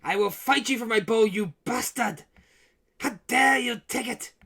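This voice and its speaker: A man voicing a deranged old hoarder who calls himself king, speaking slowly and grandly. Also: on the high side, expressive, sharp tone, full character voice. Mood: furious.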